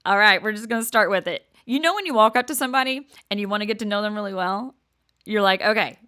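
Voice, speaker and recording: An older woman, hosting a podcast and telling stories in a chatty, animated way, laughing often and dropping to a hush for emphasis. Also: medium pitch, fast talker, clear, resonant tone. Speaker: podcast host. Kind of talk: casual storytelling monologue.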